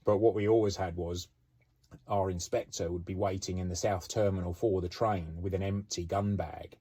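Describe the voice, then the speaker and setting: A middle-aged man with a low, husky, mellow voice recounts his police days in a relaxed, chatty way. He fills his sentences with "you know" and "um" as the story rolls along. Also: normal speed. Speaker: former police officer telling stories. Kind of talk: casual anecdotal storytelling.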